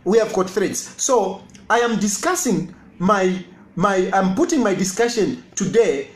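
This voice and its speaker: A man's voice: high-pitched, animated, measured pace, reverberant. A Zambian man, an opposition party leader giving a political address, emphatic and repeating his phrases with rhetorical questions.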